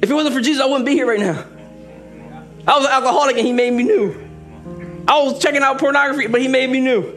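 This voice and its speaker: A young male pastor preaches with a very high voice, lively and joking. He rushes through asides, then slows right down to land his points. Faint music plays beneath him. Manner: lively, joking, shifts between fast asides and slow emphatic lines. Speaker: assistant pastor. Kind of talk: sermon.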